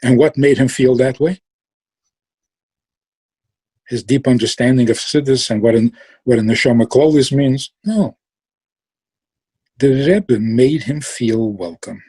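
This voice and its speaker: A man telling a story in a relaxed way, slow and reflective, trailing off and restarting and sometimes acting out the people in it. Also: medium pitch, slightly rough. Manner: acts out quoted voices with sudden outbursts.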